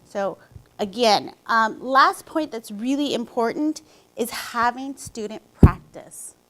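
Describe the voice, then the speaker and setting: A woman's voice: fairly high pitch, expressive, slow, pushed and bright, low-quality recording. Woman educator co-presenting to teachers.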